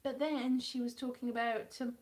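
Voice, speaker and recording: A woman's voice: on the high side, little pitch movement, normal speed, darkish tone. A woman from South Wales, chatting casually and self-deprecatingly on a live stream.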